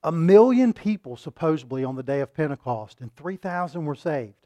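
A man preaching a sermon in a fairly high voice, recorded close and dry with no room sound. He swings from loud, pressing peaks down to quiet asides, and he keeps asking the congregation questions and repeating words to drive them home. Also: animated, fairly quick, no echo.

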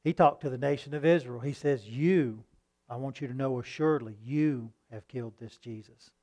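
A man preaching a sermon in a conversational tone, asking rhetorical questions and reading scripture slowly. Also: medium pitch, mellow.

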